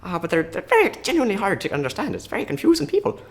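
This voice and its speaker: A man's voice: high voice, wildly swooping pitch, racing, exaggerated voice. A man voicing a jolly Northern Irish man with a Northern Irish accent, in a sing-song lilt that rises like questions.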